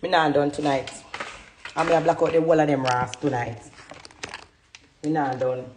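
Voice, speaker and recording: A woman whose voice sits low and darkish, with fairly even intonation and normal speed, rants heatedly to camera as a social media vlogger. Her Jamaican Patois accent carries a fiery, defiant tone as she repeats herself for emphasis, over a roomy sound with slight background noise.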